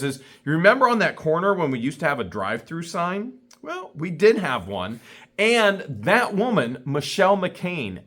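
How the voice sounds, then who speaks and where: A man's voice: a little high, fairly bright tone. A man vlogging an indignant, scornful rant to camera, repeating himself for emphasis. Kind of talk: ranting commentary to camera.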